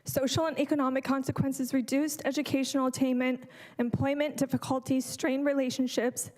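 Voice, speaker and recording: A woman with a high voice reads a prepared statement at a council lectern. She sounds earnest and pauses to correct herself. Her voice carries the long reverb of a large chamber. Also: level tone, darkish tone. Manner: earnest, apologizes and corrects herself mid-sentence. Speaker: public delegate.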